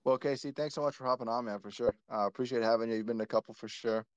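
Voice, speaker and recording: A man hosting a casual live audio chat, relaxed and joking as he calls on speakers. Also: medium pitch, racing, clear, resonant tone, no room sound, dull audio. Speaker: host.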